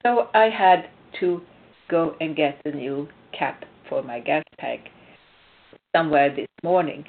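A woman's voice: deep voice, unhurried. A woman from Sweden, a spiritual coach, giving casual relationship advice through personal stories, emphatic with hesitant restarts. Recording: tinny phone-like sound.

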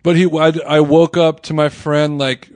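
A man's voice: fairly high pitch, level tone, normal speed, a little mellow, no echo. A man co-hosting a podcast in casual chat, telling loose, rambling anecdotes. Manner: laid-back, rambling anecdotes. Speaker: podcast co-host.

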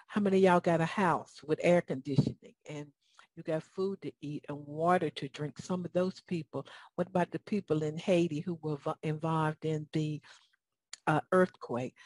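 A woman's voice: low-pitched, a little mellow, no echo. A woman with a Southern US accent giving a motivational talk, folksy and preacherly, often asking her audience questions. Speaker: motivational speaker.

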